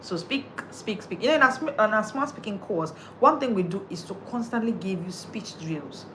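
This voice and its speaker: A woman's voice: medium pitch, lively intonation, normal speed, a little hiss or hum. A woman, coaching listeners on how they speak, emphatic and repetitive as she drives each point home. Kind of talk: motivational coaching talk.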